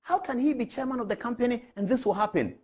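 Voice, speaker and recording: A middle-aged Ghanaian man hosts a televised commentary segment and addresses viewers directly. His voice is husky, and his pitch swings widely as he acts out both sides of a conversation. He moves between quiet confession and emphatic outbursts. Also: fast. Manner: animated, emotional retelling with quoted dialogue. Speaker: TV talk show host.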